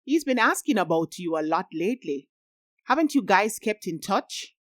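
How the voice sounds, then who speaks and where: A woman's voice: medium pitch, big pitch swings, moderate pace, no echo, clean studio sound, voice pushed up, lightly acted. A woman reading as a remorseful young father. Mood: warm. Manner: earnest, apologetic. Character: remorseful young man, tender new father. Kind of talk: audiobook reading.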